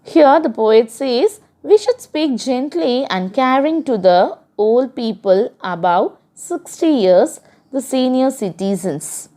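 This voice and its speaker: An Indian English woman teaching a poem, reading each verse and then explaining it and defining its harder words. Her voice sits fairly high and moves about a great deal in pitch. She speaks slowly, in the careful manner of a classroom lesson. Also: lively intonation, dark tone.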